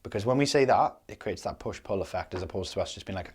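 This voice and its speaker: A man in his younger years talks through a sales method as a coach. His voice sits fairly low. He keeps it casual and explanatory, checking in with "okay?" after each point. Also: lively intonation, a little fast, darkish tone, slightly rough. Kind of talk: instructional talk to camera.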